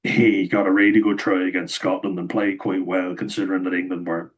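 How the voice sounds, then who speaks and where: An Irish man giving casual, opinionated rugby commentary, laughing often, his voice a little hoarse. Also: deep voice, little pitch movement, fairly quick, poor audio. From Ireland. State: slightly hoarse, losing voice. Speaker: rugby pundit vlogger.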